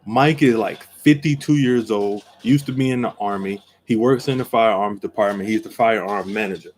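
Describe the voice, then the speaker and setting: A man telling a story on a live stream, acting out each line and jumping from quiet to loud, seated at his desk camera. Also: normal speed, slight background noise. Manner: acts out every quote, jumps from low to loud. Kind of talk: animated storytelling.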